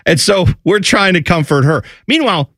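Animated man telling a family story. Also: high-pitched, moderate pace, no room sound, clean studio sound. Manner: animated, acts out family voices. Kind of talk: casual chat storytelling.

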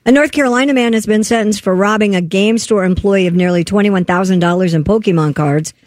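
A woman on a radio-style talk show reads out odd news stories at a middle pitch. She stops now and then to joke, and the close studio mic leaves the sound dry. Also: brisk, a little mellow, no room sound. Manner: reads stories aloud, breaks off to joke and laugh. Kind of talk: reading offbeat news with banter.

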